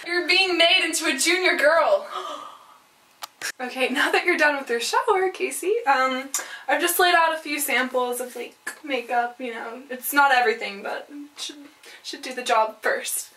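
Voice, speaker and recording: A woman's voice: high voice, measured pace, pushed and bright, slight background noise. A teenage girl in a comic school skit, coaching a friend in a bossy tone with casual valley-girl fillers. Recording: echoey room from a distant mic, music behind.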